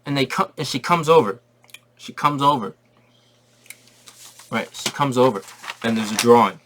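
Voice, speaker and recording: A man giving a casual movie review who talks in an excitable, rambling way and repeats his phrases. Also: mid-range voice, moderate pace.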